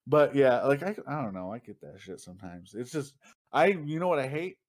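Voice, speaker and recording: A man's voice: mid-range voice, big pitch swings, fairly quick. A young man co-hosting a podcast, chatting casually, swearing and laughing as he tells stories. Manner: laughing, swearing, loose storytelling. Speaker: podcast co-host. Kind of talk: casual chat.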